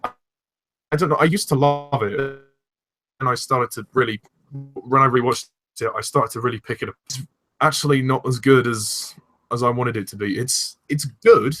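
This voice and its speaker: A young man chatting casually as a fan reviewer, relaxed and agreeable, steering the conversation. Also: mid-range voice, moderate pace, faint music behind. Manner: relaxed, agreeable, leads the discussion. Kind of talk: casual chat.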